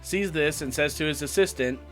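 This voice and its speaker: A man hosting a comedic movie review show, animated and joking, poking fun at himself. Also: fairly high pitch, moderate pace, soft background music. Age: adult past teens. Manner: animated, joking, self-mocking.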